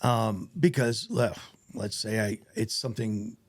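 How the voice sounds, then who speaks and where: A man with a Southern American accent, an actor guest talking earnestly in a casual interview, with a gravelly, husky voice. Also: lowish voice, unhurried, dry recording. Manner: earnest, animated storytelling with self-corrections.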